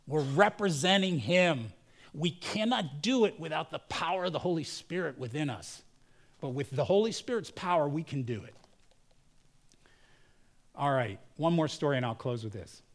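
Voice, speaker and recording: In a church, a man whose voice is on the high side preaches as pastor at a measured pace with lively intonation. He tells personal stories and acts out the voices of the people in them.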